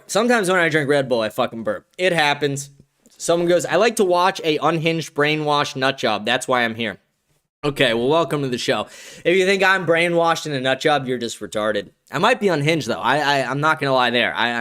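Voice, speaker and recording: A man's voice: on the high side, fairly bright tone. A young man hosting a livestream show, ranting in a profane, aggressive, heated way. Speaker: show host. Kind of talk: livestream political rant.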